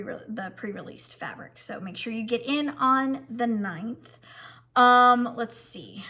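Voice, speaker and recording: A woman's voice: high voice, pushed and bright. A woman who designs fabric and runs a shop, chatting casually to viewers with frequent ums and restarts.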